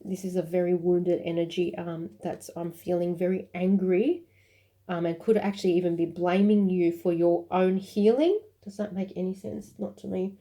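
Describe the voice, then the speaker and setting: Woman, tarot reader, mellow dark tone, lowish voice, rambling intuitive delivery. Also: steady tone, moderate pace. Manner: intuitive, rambling, with fillers and self-corrections; emphatic and emotional at moments. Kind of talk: casual tarot reading to camera.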